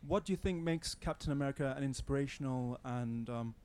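A man from the audience addresses the panel politely and formally. He pauses with hesitant fillers as he asks. His pitch is ordinary. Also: a little mellow, clear, resonant tone. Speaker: audience member asking a question. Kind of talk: audience question.

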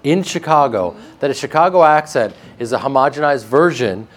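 A man with a flat Midwestern American accent, a guest actor telling joking stories in a casual interview. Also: medium pitch, moderate pace. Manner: joking, animated storytelling with laughs.

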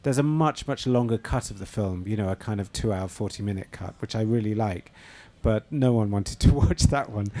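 A middle-aged man with a lowish, mellow voice answers interview questions. He thinks aloud, circling back with ums and restarts as he finds his words. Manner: thoughtful, hesitant with many fillers and restarts. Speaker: novelist and screenwriter.

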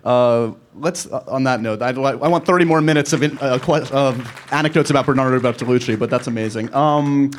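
A man's voice: medium pitch, a little fast, few pauses, a little hiss or hum. Upbeat man moderating a Q&A. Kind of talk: hosting an audience Q&A.

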